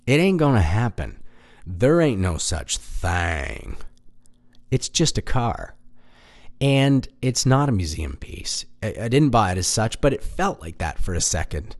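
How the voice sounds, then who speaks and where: A man's voice: on the low side, very animated, unhurried. A man in his thirties hosting a podcast, telling a candid, rambling personal story in a self-deprecating way and swearing now and then. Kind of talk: casual monologue.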